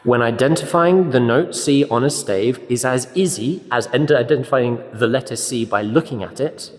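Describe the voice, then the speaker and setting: A man teaching a group music lesson, now and then singing notes and syllables in a high voice. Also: moderate pace, reverberant, in a large hall. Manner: sings note names and syllables in a high voice.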